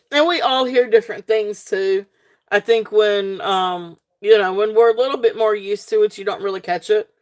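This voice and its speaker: Speaking in a mid-range voice with a Southern US accent, this woman runs a live sale in an unhurried way. She pauses often, says um a lot, and giggles frequently as she chats casually.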